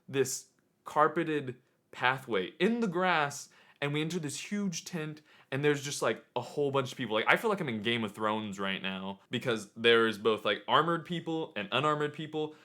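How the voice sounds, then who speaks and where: A young man casually telling a story to camera, excitable and animated as he retells it. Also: on the high side, normal speed. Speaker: vlogger.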